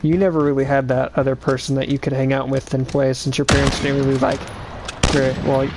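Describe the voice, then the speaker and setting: A young man hosting a casual podcast in a relaxed way, often filling his pauses with "um.". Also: mid-range voice. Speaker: podcast host. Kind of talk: casual chat. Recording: noisy home recording.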